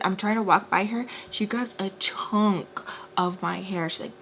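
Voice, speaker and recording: A woman's voice: mid-range voice, fairly even intonation, moderate pace, fairly bright tone, a little hiss or hum. A young woman vlogger telling a dramatic storytime while doing her makeup, chatty and full of "like".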